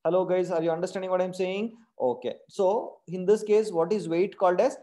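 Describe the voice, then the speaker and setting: Indian English male coding tutor, online class; warm higher voice, keeps checking the class with repeated tag questions. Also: steady tone, a little fast. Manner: calls his class "my dear friends". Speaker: programming teacher.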